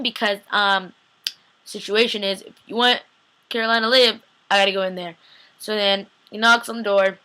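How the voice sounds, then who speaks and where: A woman's voice: mid-range voice, normal speed, sharp tone. A young woman casually recapping a TV episode, gushing and chatty, acting out characters' lines as she goes. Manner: gushing, chatty, quotes characters in bits of voices. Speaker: TV recap vlogger.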